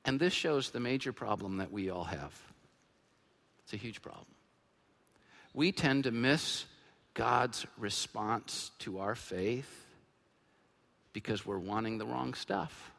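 A man in his fifties preaching a sermon as pastor, emphatic and animated, dropping to a hush and then bursting out loud. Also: medium pitch, slow pace, creaky, long pauses. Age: 50s. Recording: long hall reverb.

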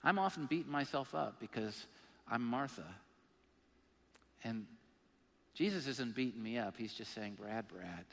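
A male pastor preaching a sermon, emphatic and animated, with self-deprecating humor. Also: medium pitch, unhurried, long pauses. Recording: long reverb of a large hall.

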